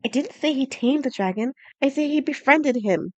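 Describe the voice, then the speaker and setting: A woman voicing an earnest young princess in an audiobook, her voice lifted high and pleading. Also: lively intonation, normal speed, darkish tone, no echo, highs cut off.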